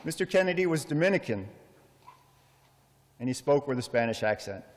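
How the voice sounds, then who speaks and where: A middle-aged man giving a heartfelt funeral eulogy for his father, measured and full of storytelling pauses. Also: mid-range voice, expressive, a little hiss or hum. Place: memorial service in a large hall. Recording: long hall reverb.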